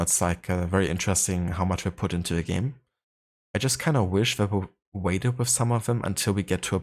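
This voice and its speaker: A man streaming a game live, chatting casually and reading in-game entries aloud with lots of fillers. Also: deep voice. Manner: rambling, many fillers, reads codex entries aloud.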